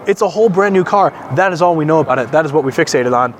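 A man's voice: fairly high pitch, lively intonation, very fast, background noise. Chatty man walking an auto show. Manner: chatty, enthusiastic about the cars. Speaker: podcast co-host. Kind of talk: casual walking-tour chat.

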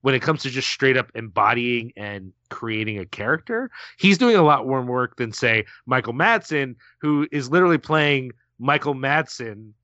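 A man's voice: medium pitch, normal speed, few pauses, pushed and bright, no echo, muffled recording. A man co-hosting a casual podcast, rambling with hesitant restarts. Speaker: podcast co-host.

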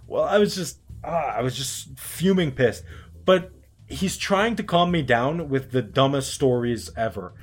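Young adult man, podcast co-host, animated storyteller who swears freely. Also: mid-range voice, unhurried, breathy edge. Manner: animated, swearing, acts out quotes. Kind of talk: casual storytelling chat.

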